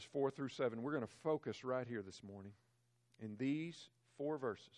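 A man preaching a sermon as pastor, emphatic, swelling louder on key phrases and dropping low and quiet on others.

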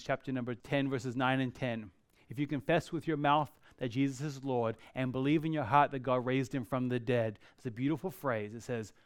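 A man preaching a sermon earnestly, swinging from loud emphasis to quiet, slow passages. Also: medium pitch, clean tone, dry recording, clean studio sound. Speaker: pastor.

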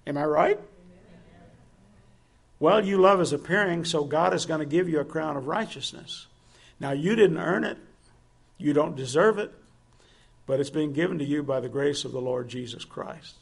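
Male preacher, gravelly and slightly high-pitched, earnest sermon delivery with questions to the congregation. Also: moderate pace, pauses often. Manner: earnest, asks the listeners direct questions.

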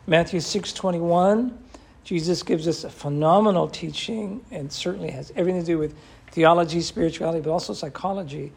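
A man's voice: a little high, brisk, gravelly, darkish tone, slightly rough. A man teaching an interactive Bible study who asks his class questions and quotes scripture expressively.

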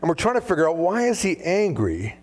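A man preaching a sermon as pastor, conversational and animated, full of asides. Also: a little high, brisk.

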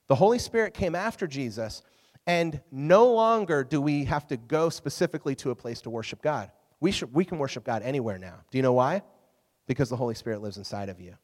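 A man preaching to a youth group, his voice set a touch high for a man. He talks in a casual, animated way and keeps checking in with the listeners. His words ring out with the long reverb of a hall. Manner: animated, asks the audience questions. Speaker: youth pastor. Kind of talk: youth sermon.

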